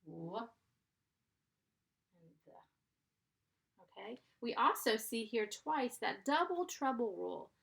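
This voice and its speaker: A woman's voice: mid-range voice, vocal fry, a bit bright. A woman teaching a first grade class, dictating sentences and patiently sounding out letters and blends.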